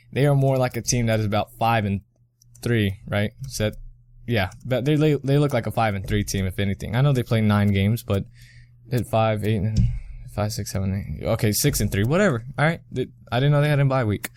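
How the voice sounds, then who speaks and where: A man's voice: medium pitch, a little mellow, no room sound, clean studio sound. A young man hosting a casual sports podcast, rambling through scores, correcting himself and chuckling often. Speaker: podcast host.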